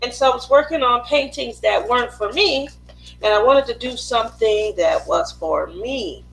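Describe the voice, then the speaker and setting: In rough audio, a woman's voice comes through a little high, creaky and fairly bright, at a moderate pace. She's from Las Vegas, USA, and chats casually on a craft livestream as she paints, greeting viewers by name with a playful, sometimes sing-song manner.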